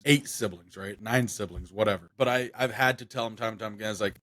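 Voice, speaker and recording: A man's voice: on the low side, fast talker, fairly bright tone, no echo, studio quality. A young man chatting casually on a podcast, rambling with lots of fillers and restarts. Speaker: podcast co-host.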